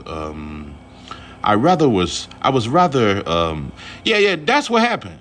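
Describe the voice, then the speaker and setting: A man's voice: on the low side, huge pitch swings, a little slow, a bit bright, slight background noise. A man vlogging about boxing in a casual, rambling, profane rant full of fillers.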